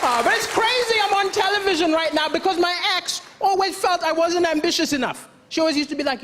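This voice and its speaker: Malawian comedian on a loud stage. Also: male voice, extremely high pitch. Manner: punchy storytelling with acted dialogue and pauses for laughs. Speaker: stand-up comedian. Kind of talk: stand-up comedy on a talent show stage. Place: large theatre stage with audience. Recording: broadcast stage mic with crowd noise. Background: loud audience laughter and cheers.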